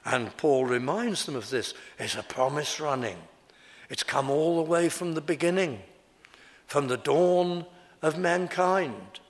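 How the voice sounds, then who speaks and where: A man preaching an expository sermon, slow and emphatic, rising dramatically when he quotes. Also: fairly high pitch.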